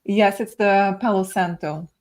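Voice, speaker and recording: A woman with a mid-range voice joins a livestream chat as a tarot reader. She speaks slowly and softly and often pauses to think. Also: medium pitch, fairly even intonation.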